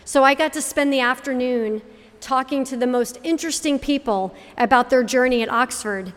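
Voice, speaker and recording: A woman's voice: sits high, moderate pace, clean tone. Woman telling a faith story in a hall. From Connecticut. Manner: animated storyteller acting out quoted voices. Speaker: speaker giving a faith testimony. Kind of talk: storytelling testimony. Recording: hall reverb.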